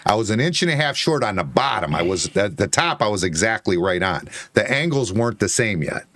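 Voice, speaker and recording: A man's voice: lowish voice, very animated, fairly quick, fairly bright tone, dry recording. A man arguing heatedly on a bar-talk show, defensive and insistent, swearing and repeating himself. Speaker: co-host.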